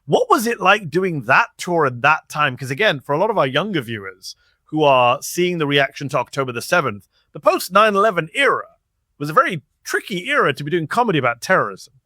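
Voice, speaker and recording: Man, interview host, higher voice, bright tone, dry close recording. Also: sing-song, fairly quick, no echo. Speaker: show host. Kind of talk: interview chat.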